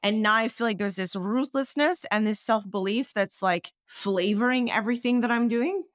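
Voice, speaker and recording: A woman's voice: fairly high pitch, normal speed, no room sound, studio quality. A woman, a podcast guest talking passionately and emphatically, swearing freely. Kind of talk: candid conversational interview.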